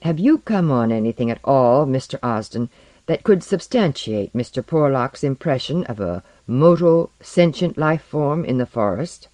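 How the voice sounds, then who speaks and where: A man's voice: medium pitch, lively intonation, normal speed, darkish tone, dry recording, natural voice. A man voicing a formal, unfailingly polite male expedition leader who speaks precisely.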